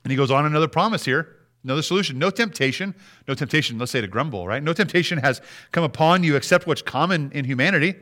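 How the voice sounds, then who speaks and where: A man's voice: on the high side, lively intonation, fast, pushed and bright. A man preaching a sermon in a conversational way, often restarting words and acting out prayers. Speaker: pastor.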